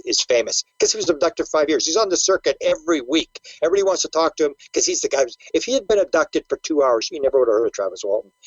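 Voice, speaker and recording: A man's voice: a little high, slightly rough, dry recording, lo-fi sound. An older man, a guest researcher, talking casually in an interview, telling stories with animation, acting out quotes and stumbling over repeated words.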